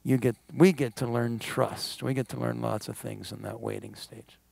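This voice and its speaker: A middle-aged man preaching a sermon in church, animated with wry asides and quick laughs. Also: medium pitch, vocal fry, dry recording. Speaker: guest pastor. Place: church sanctuary.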